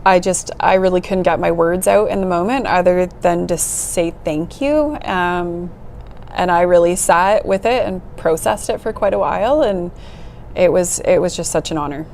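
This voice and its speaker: A middle-aged woman, the guest in a conversational interview, telling her story earnestly and warmly with soft laughs. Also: on the low side, moderate pace, vocal fry, a little hiss or hum. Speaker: executive director, interview guest.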